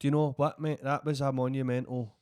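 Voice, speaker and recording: A man's voice: medium pitch, flat delivery, brisk, dark tone, clean tone, dry recording, studio quality. A Scottish man co-hosting a comedy podcast, chatting loosely with many restarts. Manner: rambling, restarts a lot, encouraging. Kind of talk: casual chat.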